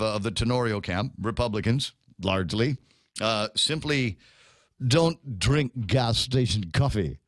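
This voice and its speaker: A man's voice: on the high side, fairly bright tone, no echo. A man hosting a morning radio show, chatting casually, laughing often and stammering over repeated words. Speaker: radio host.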